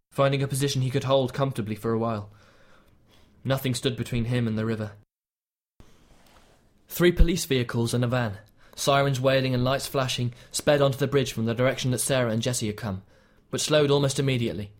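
Measured and even, a mid-pitched male audiobook narrator works through a scripted passage of tense fiction.

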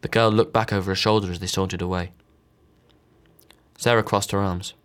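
A man's voice: low voice, fairly even intonation, brisk, fairly bright tone. A man narrating a novel, reading all the characters with slight voice shifts. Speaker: audiobook narrator. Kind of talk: scripted narration.

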